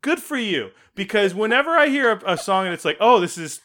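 A man's voice: high-pitched, sing-song, brisk, pushed and bright. A man co-hosting a casual podcast chat, joking and rambling with frequent restarts. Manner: jokey, rambling, self-interrupting. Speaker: podcast co-host.

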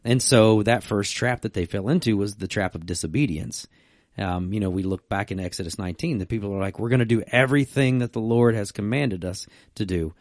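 A man's voice: fairly low pitch, a little fast, a little mellow, no room sound. Storytelling man with a dry close sound. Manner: reads scripture aloud, acts out voices in quotes. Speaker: podcast co-host. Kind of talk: casual faith discussion.

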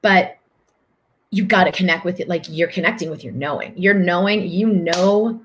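On her livestream, a spiritual coach answers comments from viewers in a fairly low, slightly bright voice at a moderate pace. She talks with earnestness, leans on repeated phrases for emphasis, and voices other people when quoting them.

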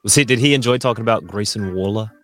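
A man's voice: lowish voice, fast talker, a bit bright, soft background music. A man co-hosting a live podcast, tossing in dry joking asides. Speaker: podcast co-host. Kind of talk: casual live podcast chat.

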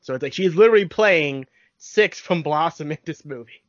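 A podcast co-host in casual chat, calmly giving facts in a matter-of-fact way. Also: medium pitch, normal speed, dry recording. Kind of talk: casual chat about a cartoon film. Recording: dry, dull lo-fi sound.

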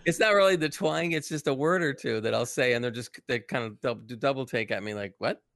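A man's voice: medium pitch, fairly quick, gravelly, fairly bright tone, no echo, clean studio sound. An American man co-hosting a casual chat, talking in an easygoing, laid-back way. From United States. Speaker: podcast co-host.

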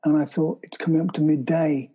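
A middle-aged man, telling a story as an interview guest, often halting and restarting his sentences. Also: fairly high pitch, little pitch movement, mellow, slightly rough, dull audio. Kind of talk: storytelling in conversation.

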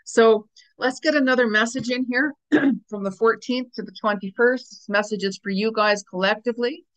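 A woman's voice: fairly high pitch, fairly even intonation, moderate pace, poor audio. A middle-aged woman giving a casual spiritual reading to her viewers, chatty and repeating phrases as she goes. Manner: chatty, repeats phrases, drifts into soft asides. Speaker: astrology and spiritual reader.

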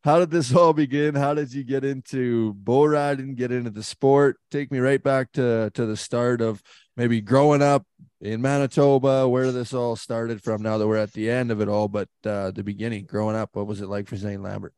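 Loud jokey host guy cussing a lot, dry close mic. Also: mid-range voice, steady tone, moderate pace, clear, resonant tone, no echo. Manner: rowdy, joking, heavy swearing. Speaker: podcast host. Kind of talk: casual podcast hosting.

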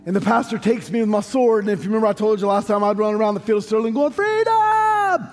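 A man's voice: sits high, flat delivery, rapid-fire, a little mellow. An American man preaching a sermon as pastor, telling stories with joking asides and building to sung emphasis. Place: large church hall. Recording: long hall reverb, faint music.

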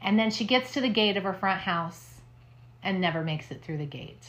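A woman co-hosting a podcast, chatting casually and telling a campfire ghost story with dramatic hushed moments. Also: mid-range voice, animated, moderate pace. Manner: dramatic, drops to hushed tones for spooky parts. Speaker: podcast co-host.

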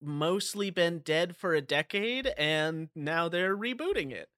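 A man's voice: on the high side, animated, measured pace, bright, forceful tone, no echo, clean studio sound. A man co-hosting a podcast, laughing easily and hesitant with many uhs as he explains. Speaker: podcast co-host. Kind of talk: casual chat.

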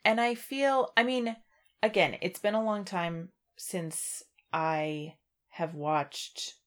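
A woman co-hosts a laid-back book discussion podcast, her lowish voice moving at a slow pace. She chats conversationally and reads passages aloud in an even voice.

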